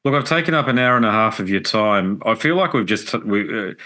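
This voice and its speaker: A man's voice: on the low side, expressive, brisk, bright, forceful tone. A man hosting a podcast, chatting casually and telling anecdotes. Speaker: podcast host.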